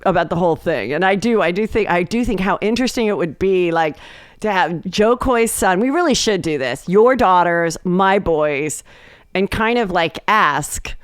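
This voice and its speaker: A woman comedian chatting as a guest on a podcast, telling animated stories and acting out quotes. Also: on the low side, normal speed, clear, resonant tone, dry recording, studio quality. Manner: animated storyteller, acts out quotes. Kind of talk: casual podcast chat.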